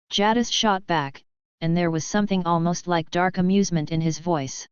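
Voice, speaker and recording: A woman narrating a fan fiction story in a steady, even reading voice. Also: on the low side, normal speed, smooth, dry recording, lo-fi sound.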